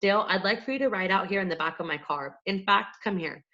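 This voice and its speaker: A woman reading a storybook voices a calm male small-town detective who speaks in a measured, dry way. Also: medium pitch. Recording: dull lo-fi audiobook recording.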